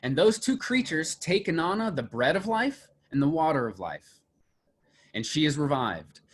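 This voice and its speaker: A man's voice: on the high side, very animated, normal speed, breathy edge. A man, a mythology and film teacher, lecturing to a class with enthusiasm, thinking aloud with fillers and restarts.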